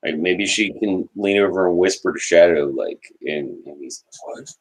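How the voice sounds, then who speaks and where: A man's voice: low-pitched, moderate pace, low-quality recording. A man hosting a podcast, chatting casually about a TV episode and often repeating words as he starts a sentence. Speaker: podcast host.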